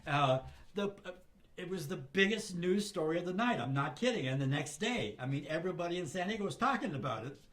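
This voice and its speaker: An older man from Southern California casually telling a personal anecdote, acting out other people's lines in lively voices. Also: high voice, fairly quick. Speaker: storyteller.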